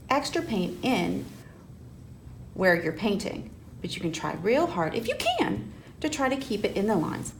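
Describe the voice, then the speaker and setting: Lively woman presenting to kids. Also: mid-range voice, creaky. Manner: animated, gasps with exaggerated delight. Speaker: children's librarian. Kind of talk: children's storytime presentation. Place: library program room. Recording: roomy echo, distant mic, faint hiss.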